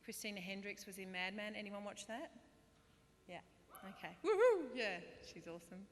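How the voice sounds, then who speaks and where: An Australian woman in her thirties giving a humorous, self-deprecating graduation speech, now and then bursting into loud put-on voices. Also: mid-range voice, steady tone, normal speed. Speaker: guest speaker. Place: large hall. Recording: reverberant hall, faint ambience.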